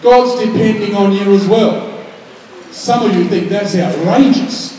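Male pastor, high and mellow voice, conversational sermon, recorded from far off in a reverberant hall. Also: a little slow, pauses often, a little hiss or hum. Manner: conversational preaching, swings from quiet and intimate to loud and emphatic. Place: large church hall.

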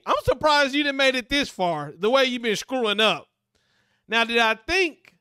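A man's voice: very high voice, sharp tone, clear, resonant tone, no echo, clean studio sound. A man hosting a movie reaction, thinking aloud with hesitant, repeated words. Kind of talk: casual reaction commentary.

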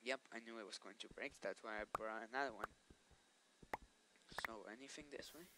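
A man's voice: on the low side, a little fast. Chatty man narrating his gameplay, noisy recording. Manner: chatty, scolds game monsters aloud. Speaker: let's play host. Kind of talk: casual gameplay commentary.

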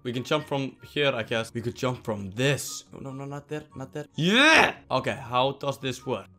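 A young man from Iceland with an Icelandic accent, telling a storytime while playing a game, excitable and swearing a lot as he yells at the game. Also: mid-range voice, normal speed, faint music behind. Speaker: vlogger. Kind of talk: storytime over gameplay commentary.

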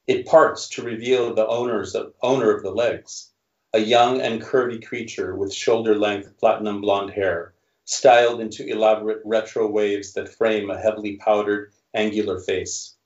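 Low-voiced man reading his story. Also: flat delivery, normal speed. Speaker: author. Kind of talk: reading his fiction aloud. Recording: roomy, dull recording.

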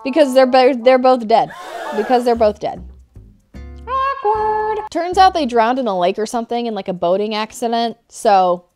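A woman's voice: fairly high pitch, fairly quick, a little mellow, soft background music. A young woman with a sick voice, recapping a movie with sarcastic, jokey asides. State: sick, stuffy voice. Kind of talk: comedic movie recap narration.

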